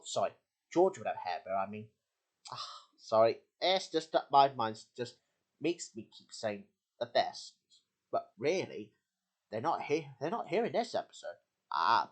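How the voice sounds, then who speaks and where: A man's voice: mid-range voice, husky. A man hosting a homemade puppet show, talking in a rambling way with many slips and restarts. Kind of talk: casual chat.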